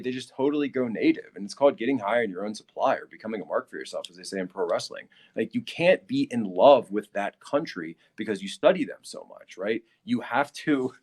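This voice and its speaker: A man from Philadelphia hosting a casual livestream, answering his chat, laughing often and repeating himself. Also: mid-range voice. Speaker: livestream host.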